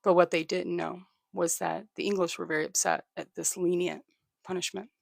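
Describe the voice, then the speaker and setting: A livestream host tells a history story in a strongly gravelly, fry-heavy voice that sits in a middle pitch range. The delivery is halting, with frequent restarts and repeated words. The sound is dry and close, with no room echo. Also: level tone. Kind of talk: casual live storytelling, thanking viewers.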